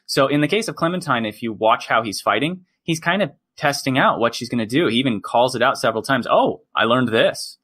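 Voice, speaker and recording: A man's voice: medium pitch, quick pace, few pauses, fairly bright tone. A man co-hosting a podcast, talking in a chatty, explanatory way. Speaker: podcast co-host. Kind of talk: casual discussion.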